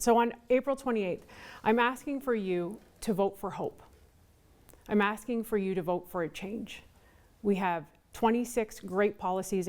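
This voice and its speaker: A woman's voice: medium pitch, darkish tone. A woman candidate in a television studio, telling a doorstep story and making a persuasive campaign closing statement. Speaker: election candidate.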